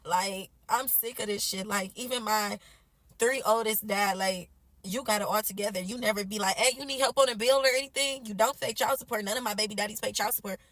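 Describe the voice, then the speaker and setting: A woman's voice: mid-range voice, brisk, fairly bright tone, no echo, rough recording. A young woman, a mother from the United States, venting tearfully and with heavy swearing into her phone camera from her car. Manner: profane, exasperated, tearful venting. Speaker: mother posting a social media video.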